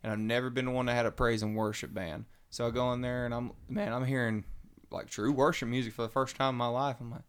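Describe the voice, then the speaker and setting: A man telling his recovery story in casual, animated talk, acting out the voices of people he quotes. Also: medium pitch, fast, clear, resonant tone. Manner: animated, acts out quoted voices, Southern colloquial.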